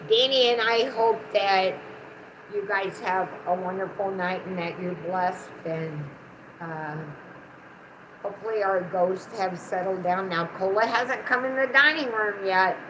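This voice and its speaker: A woman's voice: medium pitch, measured pace, background noise. A middle-aged woman with a Southern American twang, chatting affectionately on a casual livestream. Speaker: co-host of a livestream, the channel owner's mother.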